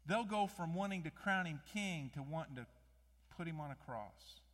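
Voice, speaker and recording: A man preaching a sermon, animated, with many rhetorical questions, rising to loud emphasis and dropping low again. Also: moderate pace. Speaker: pastor. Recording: long hall reverb.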